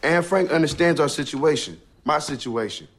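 A man's voice: a little high, animated, moderate pace. An actor playing an earnest, streetwise teenage boy student in a film scene, with slangy, heartfelt delivery. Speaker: film character.

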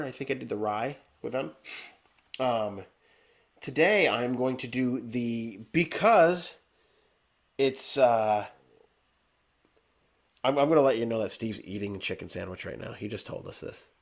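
A man's voice: medium pitch, measured pace, pauses often. Stuffy-nosed man reviewing beer. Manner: rambling, many fillers and restarts. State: stuffy, congested nose. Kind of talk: casual chat. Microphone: video call.

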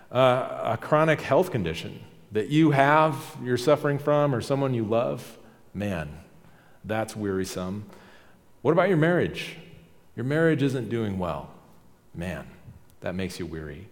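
A pastor delivers his sermon in a lowish voice, talking to the congregation like a neighbor and leaning hard on repeated phrases. The sound hangs in a long church-hall reverb. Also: big pitch swings, measured pace. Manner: conversational preaching with emphatic repetitions.

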